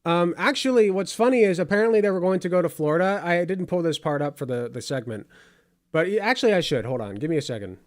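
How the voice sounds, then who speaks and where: A man's voice: sits high, animated, fast, no room sound, studio quality. A man hosting casual political commentary over clips, sarcastic and rambling with many fillers.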